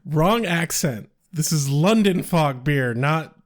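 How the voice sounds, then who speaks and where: Animated man hosting a podcast. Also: on the high side, slow. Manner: playful, teasing. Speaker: podcast host. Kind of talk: casual chat.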